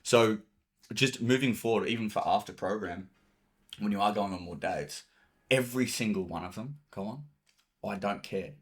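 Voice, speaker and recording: A male dating coach speaks in a slightly low voice. He talks casually and bluntly, swearing freely and mixing in acted-out examples. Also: normal speed.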